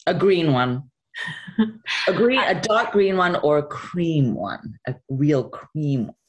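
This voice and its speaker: A woman's voice: low voice, lively intonation, takes it slowly, slight background noise. A woman answering interview questions in a rambling, easygoing way, with lots of fillers and laughter. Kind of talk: casual interview chat.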